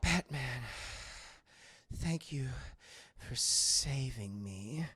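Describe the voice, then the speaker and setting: A man voicing a sultry, seductive female cat burglar, slow and purring. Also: medium pitch, lively intonation, pushed and bright, breathy edge, no room sound, voice pushed down, heavily acted.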